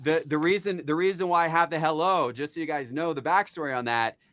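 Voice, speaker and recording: A man guesting on a podcast, explaining things in a measured, casual way over a remote call. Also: fairly high pitch, a bit bright, dry recording. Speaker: podcast guest, card investing show host. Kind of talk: casual conversational interview.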